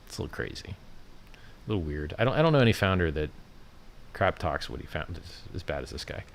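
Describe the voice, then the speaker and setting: A man with a fairly low voice hosts a casual livestream. He talks in a brash, mocking manner and rants at his targets. His commentary is loose and off-the-cuff. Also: sing-song, quick pace, gravelly, slight background noise. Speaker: livestream host.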